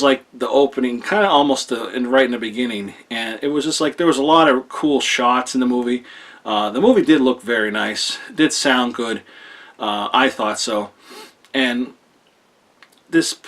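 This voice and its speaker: A man at an ordinary, mid-range pitch talks through a film review in a loose, unscripted way. He piles up fillers, restarts his sentences and drops casual swear words as he goes. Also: a bit bright. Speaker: movie reviewer.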